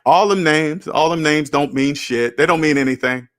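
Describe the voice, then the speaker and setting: A man in his thirties or older hosts a casual livestream, reading and answering chat in a slightly high, somewhat bright voice at a moderate pace. He speaks bluntly and preachily to his viewers and swears freely.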